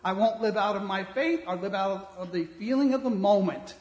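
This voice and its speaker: A male pastor giving a sermon in a blunt, conversational manner, shifting between soft asides and loud emphasis. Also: high voice, a little fast. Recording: reverberant hall.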